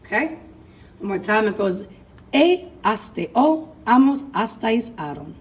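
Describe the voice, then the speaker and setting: A woman's voice: medium pitch, lively intonation, normal speed, breathy edge, rough recording. A woman teaching a recorded class lesson, chanting verb endings aloud and addressing her students as folks. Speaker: Spanish teacher.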